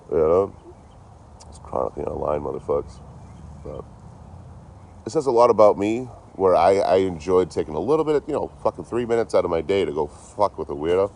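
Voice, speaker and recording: A man's voice: deep voice, lively intonation, brisk, vocal fry, darkish tone, slight background noise. A man from Detroit rambling casually and swearing a lot on an outdoor livestream, talking into his phone. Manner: rambling, heavily profane. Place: outdoors, by a road.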